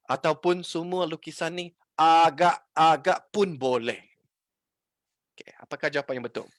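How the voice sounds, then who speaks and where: A man's voice: on the high side, normal speed, no echo. A man with a Malaysian English accent teaching a live online trading lesson, mixing in Malay and often checking in with his viewers. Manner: code-switching, asks the audience questions often. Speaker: trading instructor.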